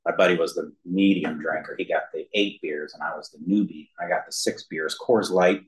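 Deep-voiced man telling his story, halting. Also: fairly even intonation, poor audio. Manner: halting, with many fillers and self-deprecating humor. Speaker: speaker sharing his recovery story. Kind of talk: personal testimony to an audience. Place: room with an audience, also streamed to a video call.

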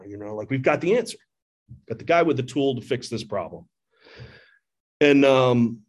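A man's voice: mid-range voice, darkish tone, slightly rough. Earnest middle-aged man sharing his story. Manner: earnest and candid, with frequent restarts. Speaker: speaker sharing at a recovery meeting. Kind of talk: personal recovery testimony. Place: church meeting hall. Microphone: podium microphone.

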